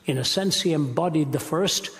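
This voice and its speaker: Brief: emphatic male apologist, slightly high voice with gravelly fry, echoey hall. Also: moderate pace, fairly bright tone. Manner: passionate, emphatic, rhetorical. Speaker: Christian apologist speaker. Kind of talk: lecture-style sermon.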